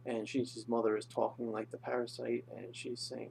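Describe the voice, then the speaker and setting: A man's voice: mid-range voice, little pitch movement, a little fast, vocal fry, darkish tone, slight background noise. A young man casually recapping and reviewing an episode, rambling with lots of fillers. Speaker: anime reviewer.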